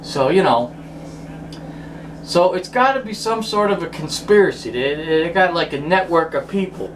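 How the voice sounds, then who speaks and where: High-voiced man on a profane rant. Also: lively intonation, moderate pace. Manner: exasperated, swears constantly, mock-outraged. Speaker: vlogger ranting about football. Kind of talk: profane comic rant to camera. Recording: distant mic with faint background noise.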